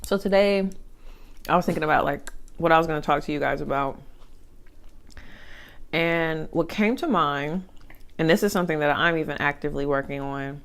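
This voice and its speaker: Chatty lower-voiced woman vlogging over food. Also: moderate pace, long pauses, clear, resonant tone. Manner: chatty and animated, with side remarks and chewing sounds. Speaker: mukbang vlogger. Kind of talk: casual chat while eating.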